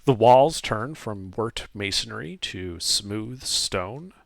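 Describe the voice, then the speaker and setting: A man's voice: fairly low pitch, animated, slow, vocal fry, no echo, studio quality. A man narrating a tabletop game as game master, describing scenes unhurriedly with casual fillers.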